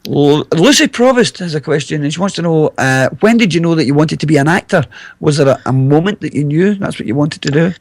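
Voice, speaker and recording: A man hosting a radio interview, reading out listener questions in a relaxed, conversational way. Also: on the high side, brisk, no room sound. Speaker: radio host.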